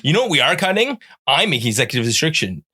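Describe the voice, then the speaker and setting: A middle-aged Canadian man hosts a casual podcast, rambling through show plugs, teasing his guest and using playful sound-effect buzzers. His voice is on the high side, husky and sharp, fast, with big pitch swings.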